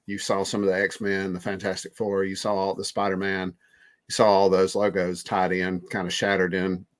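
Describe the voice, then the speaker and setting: A man co-hosting a podcast, talking about movie trailers with enthusiastic, rambling fan excitement. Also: deep voice, moderate pace. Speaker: podcast co-host.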